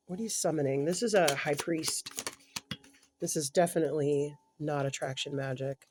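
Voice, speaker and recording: A tarot reader giving a casual spoken reading to an unseen client, thinking aloud in a halting, self-correcting way and staying gentle and sympathetic, sometimes sinking to a soft murmur. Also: mid-range voice, fairly even intonation, noisy background. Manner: gentle, empathetic, drops to a soft murmur at times.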